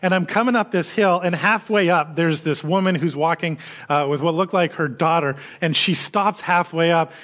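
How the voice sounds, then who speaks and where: Male pastor, slightly high voice, preaches with lively storytelling and quiet, reflective turns. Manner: animated, swinging between quiet reflection and lively emphasis; conversational storytelling. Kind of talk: sermon.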